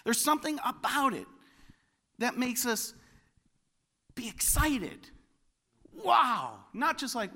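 A man preaching a sermon as pastor, animated and building to loud exclamations. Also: extremely high pitch, slow, vocal fry, long pauses.

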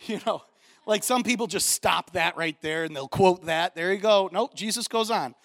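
High-voiced man preaching with rising fervor. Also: moderate pace. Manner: animated preaching, rising loud on key points, folksy asides. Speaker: pastor. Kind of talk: sermon.

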